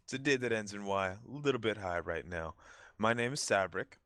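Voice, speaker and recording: A man's voice: fairly low pitch, expressive, fairly quick, background noise. A man playing a tabletop game, goofing around with crude jokes and frequent laughs. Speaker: player. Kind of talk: casual tabletop play.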